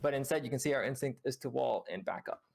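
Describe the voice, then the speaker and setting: Male game coach, gravelly voice, patient, explanatory, filler-heavy delivery. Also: mid-range voice, quick pace, a little mellow. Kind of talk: reviewing gameplay with a student on stream.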